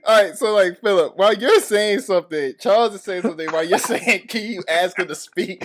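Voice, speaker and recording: A man's voice: sits high, brisk, few pauses, noisy background. A man hosting a casual group chat on a voice call, laughing often as he talks. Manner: giggly, breaks into frequent laughter. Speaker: podcast host. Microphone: online voice call.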